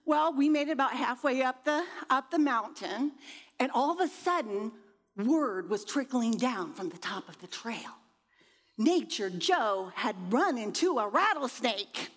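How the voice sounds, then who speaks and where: A woman from Indiana telling a personal story, acting out her own thoughts in lively voices. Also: high-pitched, a little slow, in a large hall. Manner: animated, acts out her own inner voice. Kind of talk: storytelling talk.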